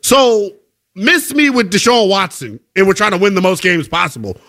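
A man co-hosting a sports talk show, debating in an emphatic, slangy, animated way. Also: high voice, normal speed.

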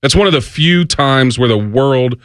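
A man co-hosting a casual talk show, relaxed and agreeable as he adds his own take. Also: mid-range voice, normal speed, no echo, studio quality. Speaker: co-host. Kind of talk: casual chat.

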